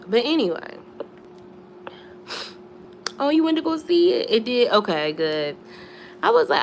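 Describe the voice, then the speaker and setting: Chatty young woman with gravelly low voice. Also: a little hiss or hum. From Philadelphia. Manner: animated, swings to high squeals when quoting herself, chatty asides to viewers. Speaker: storytime vlogger. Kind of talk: casual storytime chat.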